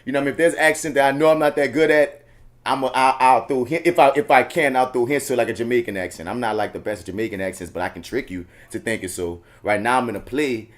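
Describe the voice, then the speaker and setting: A man, a stage actor, chatting in a relaxed, frank way. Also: medium pitch, fast talker. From New Orleans. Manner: relaxed, frank, laughs easily. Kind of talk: casual podcast chat.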